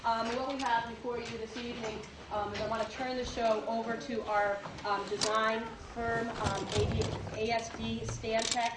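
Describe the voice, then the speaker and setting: A woman's voice: a little high, little pitch movement, normal speed, hardly any pauses. A woman who works as a town parks director, introducing a speaker at a public meeting in a hesitant way with many fillers. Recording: echoey, distant, noisy meeting room.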